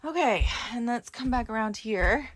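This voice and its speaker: Heavy background noise surrounds this middle-aged woman as she wanders her storage space searching shelves and bins, casually chatting to viewers in a work-with-me reseller vlog. She speaks at normal speed in a fairly high, expressive voice.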